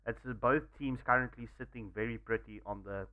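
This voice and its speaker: A man co-commentating an esports match, calmly reading out the schedule and calling fights. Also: medium pitch, phone-quality sound. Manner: measured, announces schedule, rises in teamfights. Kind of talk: live game commentary.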